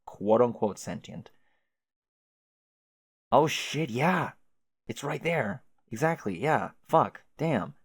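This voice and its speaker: A man's voice: mid-range voice, lively intonation, slow, long pauses, slightly rough, dry recording, clean studio sound. A man casually reading a webcomic aloud and adding loose, swearing asides. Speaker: reader of a webcomic. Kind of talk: casual read-through commentary.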